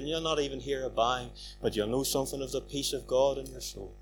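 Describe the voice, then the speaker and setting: A man preaching an evangelistic sermon, swinging from hushed pleading to loud urging. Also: mid-range voice, a little fast, soft background music.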